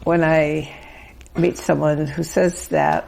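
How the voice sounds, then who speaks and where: A woman being interviewed as an author, talking in a thoughtful, reflective way and pausing to search for words. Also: low voice, level tone, creaky, darkish tone, rough recording.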